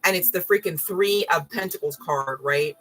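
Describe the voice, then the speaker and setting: Woman tarot reader, live stream, low pitch, forceful bright tone, rambling and blunt with swearing. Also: normal speed, poor audio. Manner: rambling and frank, swears, apologizes often.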